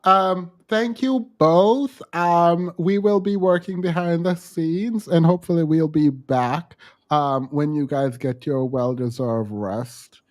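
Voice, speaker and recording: A man hosting a laid-back podcast talks in a slightly high voice, stopping and restarting often. He fills the gaps with ums and likes, searching for his words as he goes. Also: slow pace. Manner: hesitant, many ums and restarts. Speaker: host. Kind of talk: casual podcast chat.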